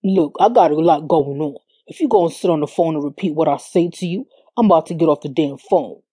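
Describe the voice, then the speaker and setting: Lady putting on a drunk guy voice, slurry and curt, kinda low, dry sound. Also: steady tone, normal speed, mellow, breathy edge, no echo. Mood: irritated. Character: drunk cold irritated young man.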